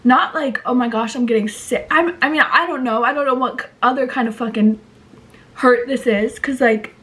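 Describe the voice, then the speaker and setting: A woman's voice: fairly high pitch, moderate pace, fairly bright tone. Twenty-something woman vlogging with a sore throat. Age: 20s. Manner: rambling, lots of "like" and restarts, swears casually. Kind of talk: casual vlog chat. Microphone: handheld compact camera.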